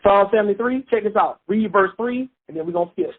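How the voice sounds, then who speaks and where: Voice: mid-range voice, brisk. Emphatic Bible teacher on a phone line. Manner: emphatic, repeats points, asks listeners questions. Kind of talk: call-and-response Bible teaching. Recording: phone-line radio call.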